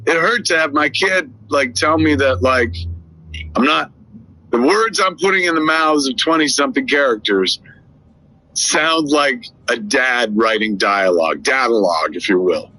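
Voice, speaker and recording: A man in his fifties chatting on a podcast, telling stories and acting out quoted dialogue. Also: mid-range voice. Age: 50s. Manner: animated storyteller, acts out dialogue with quick voice shifts. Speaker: podcast co-host. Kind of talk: casual chat.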